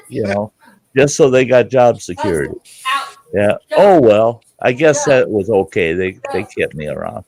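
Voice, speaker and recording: A man's voice: lowish voice, moderate pace, a crowd in the background. A man hosting a casual livestream chat, telling rambling, profane stories. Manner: rambling, profane, lively storyteller. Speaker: livestream host.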